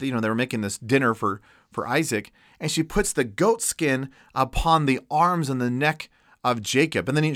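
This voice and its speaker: A man preaching a storytelling sermon, animated and laughing as he retells a story. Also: mid-range voice, dry recording, studio quality.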